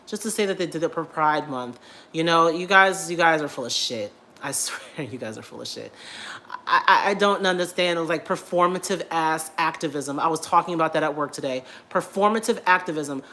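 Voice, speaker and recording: A young man vlogging from home in a casual rant, animated and blunt, repeating himself and swearing freely. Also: high voice. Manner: animated, repetitive, blunt and profane.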